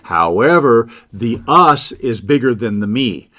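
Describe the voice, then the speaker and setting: A man co-hosting a spiritual talk radio conversation, explaining ideas in a measured way. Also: medium pitch, expressive, pushed and bright. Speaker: co-host.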